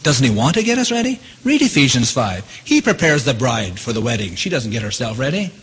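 A man preaching a sermon. He keeps asking his listeners questions and his voice leaps up in pitch to stress a point. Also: fairly quick, husky. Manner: animated, asks the audience questions, jumps high in pitch for emphasis. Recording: long hall reverb.

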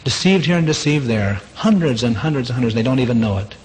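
An earnest male preacher delivers a sermon, circling back to the same phrases and firing rhetorical questions at the congregation. His voice sits at an ordinary middle pitch. A faint hiss runs under the recording. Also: lively intonation, fast, darkish tone, poor audio.

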